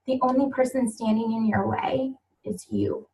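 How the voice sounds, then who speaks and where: A woman with a slightly high voice speaks to her team on a group call. She is earnest and openly emotional, urging newcomers on with heartfelt encouragement. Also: normal speed, warm tone, distant mic, slight background noise, poor audio. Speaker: team leader welcoming new members. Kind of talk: motivational talk on a group call.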